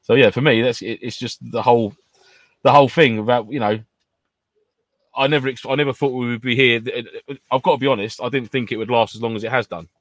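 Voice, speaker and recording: A man's voice: mid-range voice, fairly even intonation, quick pace, no room sound. A man co-hosting a casual live-stream chat, jokey and laughing often, on a home mic. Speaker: podcast co-host.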